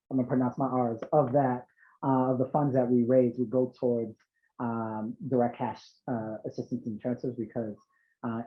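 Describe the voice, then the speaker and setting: A man with a Boston accent, a nonprofit CEO speaking earnestly on a panel, with many pauses and fillers. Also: mid-range voice. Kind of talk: panel discussion. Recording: tinny phone-like call audio.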